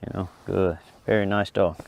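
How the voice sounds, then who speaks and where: A middle-aged man, a dog trainer, explains to viewers and coaxes a big dog over an agility course with high, excited praise. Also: moderate pace, vocal fry, muffled recording. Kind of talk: instructional talk while coaching a dog.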